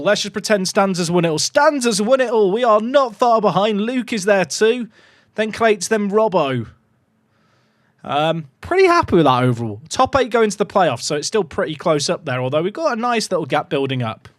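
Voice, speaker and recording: A man hosting a casual livestream, sleep-deprived, cooing softly at a puppy and chatting upbeat with viewers. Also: high voice. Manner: coos softly at a puppy, then chats upbeat with his viewers. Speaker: livestream host.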